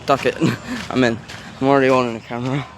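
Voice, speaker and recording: A man's voice: medium pitch, fast, slight background noise. A man talking casually to a handheld phone camera as he walks around a zoo outdoors, rambling in a self-aware way with lots of filler words. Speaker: vlogger. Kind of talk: casual walking vlog.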